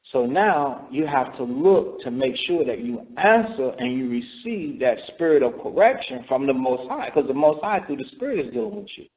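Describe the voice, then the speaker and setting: A man with a fairly high, creaky voice and big pitch swings teaches scripture at a moderate pace, hardly pausing. He repeats himself and keeps asking "right?" and "okay?" in this sermon, heard through dull lo-fi audio.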